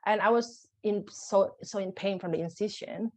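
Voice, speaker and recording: A young adult woman, a podcast guest, recounting a personal birth story in conversation, emotional and halting, with frequent restarts. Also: mid-range voice, a little mellow.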